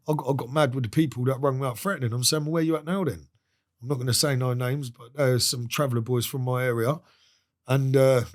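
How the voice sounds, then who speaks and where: A man, a podcast guest telling a story in a casual interview. He talks in a streetwise way, swears freely and acts out the voices of the people he quotes. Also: a little high.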